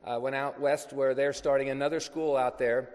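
A man's voice: mid-range voice, level tone, a little mellow, in a large hall. A man speaking as a missionary in a church, telling a ministry story in a loose, anecdotal way to a congregation. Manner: conversational, anecdotal, loose with pauses.

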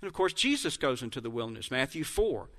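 A man's voice: mid-range voice, huge pitch swings, racing, a bit bright. A man giving a Bible lesson who reads verses aloud, then explains how they compare, now and then correcting himself mid-reading. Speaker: Bible teacher. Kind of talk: Bible teaching with scripture readings.

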